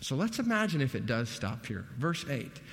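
A man preaching in a large hall, his voice trailing off into a long reverb. He has a middle-range pitch and lifts it emphatically whenever he drives a point home. The delivery is a sermon, animated and earnest. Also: moderate pace, creaky. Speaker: pastor.

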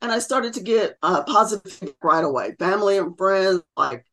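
A woman's voice: mid-range voice, animated, brisk, fairly bright tone. Interview guest, middle-aged woman, chatty storyteller who acts out quotes. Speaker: podcast guest.

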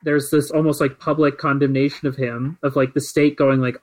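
A man's voice: mid-range voice, flat delivery, a little fast, low-quality recording. Rambling man full of filler words. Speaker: podcast co-host. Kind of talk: casual chat.

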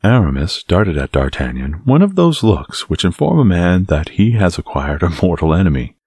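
Brief: deep-voiced man narrating a classic adventure novel, animated reading. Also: moderate pace, breathy edge, dry recording, clean studio sound. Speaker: audiobook narrator. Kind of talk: scripted narration.

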